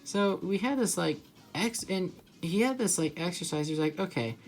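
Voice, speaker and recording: A man's voice: high voice, expressive, normal speed, a little hiss or hum. A young man rambling casually as he draws, with many filler words and restarts. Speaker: artist vlogger. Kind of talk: casual rambling while drawing.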